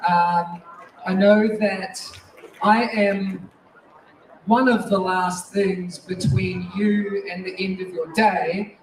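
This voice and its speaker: A man in his forties from New Zealand with a New Zealand accent, giving a lively, restless conference keynote in a large hall. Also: high voice, slow pace. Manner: lively, restless, moves around while talking. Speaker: keynote speaker. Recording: echoey hall, distant mic, faint noise.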